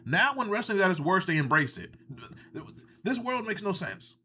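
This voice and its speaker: A man's voice: high voice, big pitch swings, normal speed, sharp tone, a little hiss or hum. A man hosting a live reaction stream, ranting in casual, sarcastic and profane commentary, audibly exasperated.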